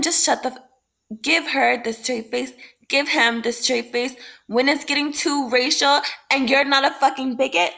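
A woman's voice: high-pitched, gravelly, fairly bright tone. A woman ranting in a late-night video, heated and full of profanity, breaking into laughs. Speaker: vlogger. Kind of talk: late-night rant to camera.

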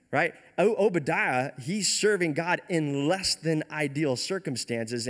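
A man preaching a casual retelling sermon, conversational and often checking in with "right?". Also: mid-range voice. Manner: conversational, keeps asking "right?". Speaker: pastor.

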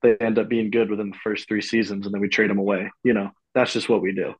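Guy from pittsburgh telling a story on a podcast, kinda husky, laughs a lot. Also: on the low side, fast talker, highs cut off. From Pittsburgh, USA. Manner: animated, laughs often while telling a story. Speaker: guest, in the military.

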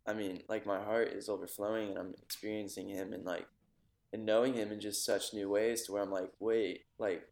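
Gravelly man in a roomy echo. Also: fairly low pitch, little pitch movement, a little fast, darkish tone. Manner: reflective, searching for words. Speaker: podcast conversation partner. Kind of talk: casual chat.

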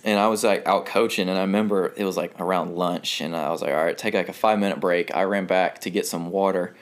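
A young man with a deep, low voice tells a story in an easygoing, rambling way. He is from North Carolina and fills his sentences with "like" and "um", laughing now and then as he talks. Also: steady tone, quick pace, smooth. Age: 20s. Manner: rambling, lots of fillers and laughs. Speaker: guest. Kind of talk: casual storytelling.

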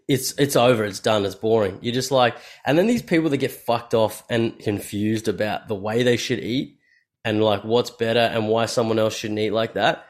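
Man, mid-pitched voice, podcast host, rambling and profane in casual chat. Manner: rambling, profane, thinks aloud.

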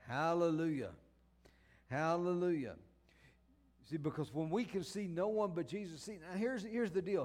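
A male preacher with a high-pitched voice delivers his sermon at a slow, deliberate pace. He leans hard on key words and stretches them out. He often backs up mid-phrase and breaks in with exclamations of praise. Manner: drawn-out stressed words and repeated restarts.

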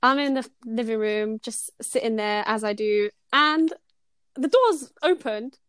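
Bright-voiced young woman chatting. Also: fairly high pitch, a little slow, smooth, no echo. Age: young adult. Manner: animated storytelling with many fillers and laughs. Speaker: podcast co-host. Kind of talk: casual chat.

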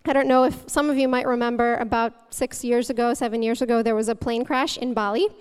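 A woman's voice: a little high, steady tone, a little fast, a little mellow, clean tone. A young woman giving a conversational sermon as a guest speaker, chatty and humorous, often breaking into laughter.

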